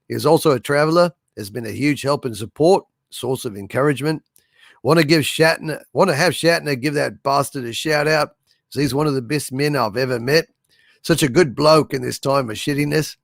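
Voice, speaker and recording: Mock Australian male reader, quick delivery, gravelly, as a host fakes it. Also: medium pitch, dry recording, studio quality, voice pushed down, natural voice. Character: man reading a friend's message in a mock Australian accent.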